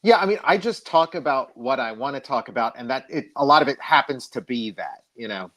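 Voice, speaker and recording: A man being interviewed as a guest, talking casually in halting phrases full of restarts and fillers. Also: mid-range voice, expressive, sharp tone.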